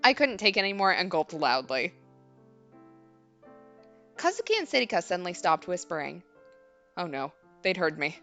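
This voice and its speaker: A stammering, flustered teenage boy from a visual novel frets in a lively, bright voice, as a woman reads him aloud. Soft music sits underneath. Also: fairly low pitch, normal speed, long pauses, lo-fi sound, exaggerated voice. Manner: stammering, nervous.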